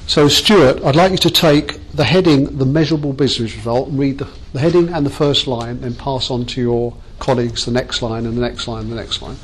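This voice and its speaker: A man's voice: medium pitch, steady tone, fairly quick, few pauses, slight background noise, low-quality recording. A man leading a workshop training session, chatty and self-mocking as he jokes with the group.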